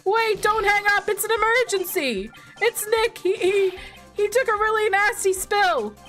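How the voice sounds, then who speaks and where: Woman doing a blustering, goofy young man in a panic, high-pitched, for a video game. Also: measured pace, a bit bright, soft background music. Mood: panicky. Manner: frantic and blustering.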